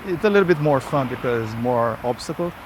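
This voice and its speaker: A man's voice: mid-range voice, lively intonation, fairly quick, slight background noise. A man vlogging while skating through an outdoor park, out of breath and rambling off topic, talking into a camera he holds or straps to his body. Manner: rambling, chatty, self-interrupting asides. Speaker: skate builder vlogger. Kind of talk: casual vlog while skating. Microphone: camera held in hand or strapped to body.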